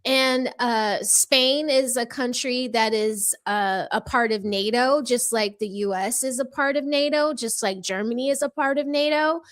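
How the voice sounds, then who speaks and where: A woman's voice: a little high, a little slow, few pauses, fairly bright tone. Chatty woman hosting a political talk show. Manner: chatty and rambling, addresses viewers as y'all. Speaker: political commentary host. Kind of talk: casual political commentary, reading articles aloud.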